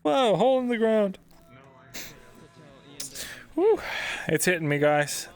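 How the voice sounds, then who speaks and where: A man's voice: high voice, sing-song, takes it slowly, a little mellow, faint music behind. Laughing, tired male streamer. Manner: laughs often, joking, goofy. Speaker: streamer and role-play player. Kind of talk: casual post-session chat.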